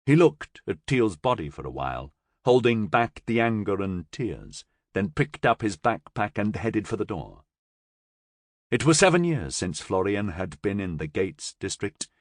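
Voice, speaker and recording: Low-voiced, expressive male audiobook narrator. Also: unhurried, dry recording, studio quality. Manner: expressive, dramatic storytelling. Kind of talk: scripted narration.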